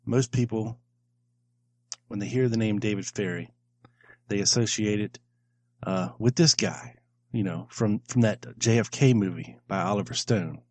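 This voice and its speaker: A man with a low-pitched voice hosts a podcast in a loose, grandiose monologue and loops back over his own phrases. The recording is close and dry, with no room sound. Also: unhurried, pauses often, a little mellow, no room sound. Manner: wordy, grandiose, repeats himself. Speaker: podcast host.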